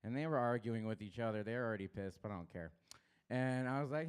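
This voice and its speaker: A young man from Los Angeles doing a crude stand-up set, baiting the crowd and swinging his pitch up and down. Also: a little fast, clear, resonant tone. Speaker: stand-up comedian. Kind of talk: stand-up set at an open mic.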